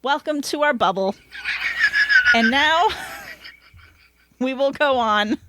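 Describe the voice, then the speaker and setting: A woman co-hosting a podcast in casual, rambling chat, quick to laugh. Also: sits high, lively intonation, very noisy. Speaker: podcast co-host.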